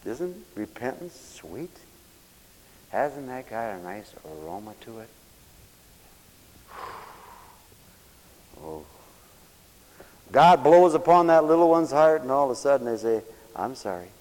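A man preaching a sermon with emotion, swinging between hushed asides and loud exclamations. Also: medium pitch, animated, slow, pauses often, long reverb tail, low-quality recording.

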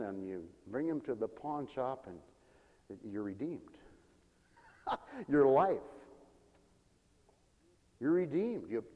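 A man preaching a sermon as pastor, swinging between quiet asides and loud, high exclamations, often laughing between points. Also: long reverb tail, dull audio.

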